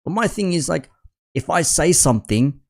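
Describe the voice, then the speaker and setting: A man's voice: on the high side, animated, normal speed, vocal fry. A man doing casual live commentary, rambling and restarting his sentences, dropping bro and man. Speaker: commentary streamer.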